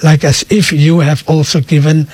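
A man, a sheikh calmly explaining answers to listener questions on a radio call-in show, dropping in Afrikaans phrases. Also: a little high, moderate pace, breathy edge, no room sound. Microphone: radio studio microphone.

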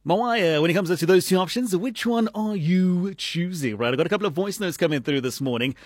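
A man hosting a lively morning radio show, mixing English with Zulu slang. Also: high voice, brisk, no room sound, clean studio sound, soft background music.

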